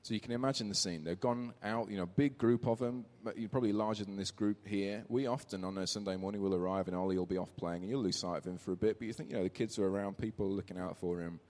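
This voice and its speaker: A man's voice: on the low side, fairly even intonation, fast talker, few pauses, a little mellow. A man giving a conversational sermon in church, telling a family story and reading scripture aloud. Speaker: preacher. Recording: reverberant church hall.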